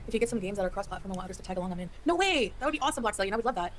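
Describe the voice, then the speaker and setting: A woman in her forties chats quickly on a livestream, running through viewer comments and venting about her critics. She talks fast with a chatty, exasperated edge. Faint noise sits behind her voice. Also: mid-range voice. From Canada. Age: 40s. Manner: rapid, chatty, laughing, exasperated rants. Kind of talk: casual livestream chat reading comments.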